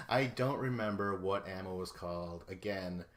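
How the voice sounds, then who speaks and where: A man's voice: low voice, fairly bright tone. Rambling, profane man podcasting solo. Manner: rambling, profane, laughs often, acts out imagined dialogue. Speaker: podcast host. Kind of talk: casual solo recap podcast.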